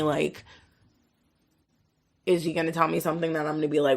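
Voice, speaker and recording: A woman's voice: on the low side, normal speed, pushed and bright. A woman in her twenties hosting a podcast, telling a long story in a rambling, profane way full of filler words. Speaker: podcast host. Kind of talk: casual storytelling monologue.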